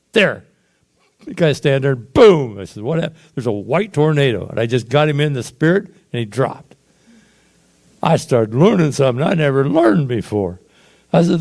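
A man casually retelling his church experiences in a rambling, animated way, acting out quotes and sound effects. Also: mid-range voice, creaky. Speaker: storyteller giving testimony. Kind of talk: casual spoken testimony.

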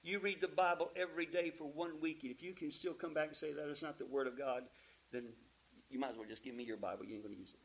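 A man preaching a sermon, emphatic, asking the congregation rhetorical questions and calling for amens, dropping from loud peaks to quiet asides. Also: a little high, steady tone, fast talker, low-quality recording.

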